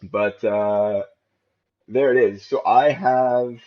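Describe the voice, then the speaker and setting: A man giving chatty, excitable live commentary on his own game stream. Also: mid-range voice, takes it slowly. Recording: muffled mic with faint music.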